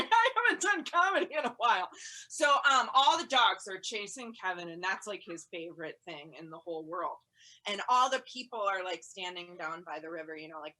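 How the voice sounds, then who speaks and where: A woman doing stand-up from home over a video call, rambling and chatty with lots of "like", breaking into loud yelled quotes. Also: fairly low pitch. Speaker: stand-up comedian.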